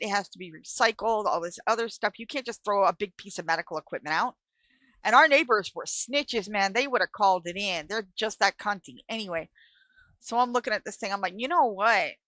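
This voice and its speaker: Brash, bright-voiced woman telling a story. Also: medium pitch, no room sound, rough recording. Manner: blunt, profane, animated storyteller. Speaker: live stream host. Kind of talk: casual storytelling.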